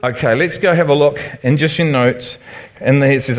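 A man's voice: mid-range voice, normal speed. A man with a Liverpool accent preaching a teaching sermon and often checking in with his listeners. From Liverpool, England. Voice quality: conversational, asks the room for agreement.

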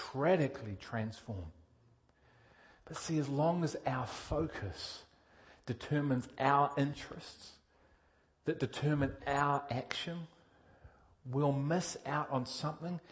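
A male preacher giving a sermon, energetic and direct, asking his listeners questions and swinging from loud emphasis to quiet intensity. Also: medium pitch, unhurried.

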